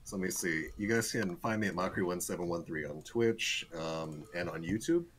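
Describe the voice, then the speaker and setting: A man's voice: sits low, fairly quick, background noise. A young man, a guest pro player, explaining eagerly in a casual podcast chat and chuckling often.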